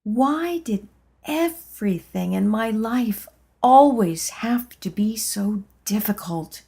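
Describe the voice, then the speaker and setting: A woman narrating a spiritual memoir as an audiobook, in a calm, measured reading voice. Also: medium pitch, husky. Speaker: audiobook reader.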